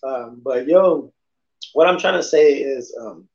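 A man's voice: mid-range voice, takes it slowly, creaky, darkish tone. A man with a lisp, hosting a podcast in a casual, rambling monologue that is full of restarts and swearing. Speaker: podcast host. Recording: dull lo-fi podcast audio.

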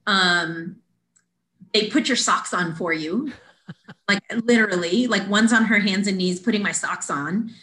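Woman, animated storyteller, podcast guest, echoey room. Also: medium pitch, measured pace. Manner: animated, acts out quoted voices. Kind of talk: casual storytelling. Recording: roomy echo.

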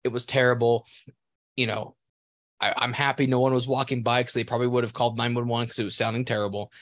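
A man on a podcast spins a long, crude story, rambling and breaking into laughter along the way. His voice sits at an everyday middle pitch. The mic is close and dry. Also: flat delivery, fast talker, a bit bright, no room sound. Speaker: podcast co-host. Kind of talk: casual podcast chat.

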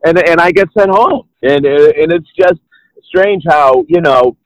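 A middle-aged man from the Boston area of New England, with a Boston accent and a voice on the high side, speaks at a measured pace as a podcast guest. He rambles through his story in casual chat, restarting often and saying "you know" a lot. The recording is dry and low quality.

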